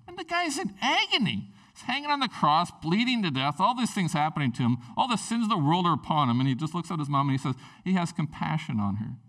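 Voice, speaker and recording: A man preaching a sermon in a church, telling stories with lively swings from loud bursts to hushed tones. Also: a little high, recorded from a distance. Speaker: pastor.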